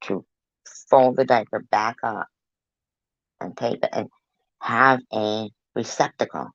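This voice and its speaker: A woman's voice: rumbling low, slow, no room sound, muffled recording. A woman giving angry reaction commentary on a clip, scolding and cursing with blunt insults.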